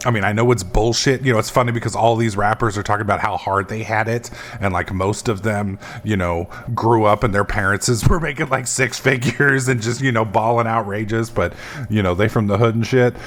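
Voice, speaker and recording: A man's voice: on the low side, fairly even intonation, a little fast, a bit bright. A man casually commenting on his gameplay, rambling and swearing as he goes. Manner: rambling, profane, self-mocking. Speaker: gaming video host.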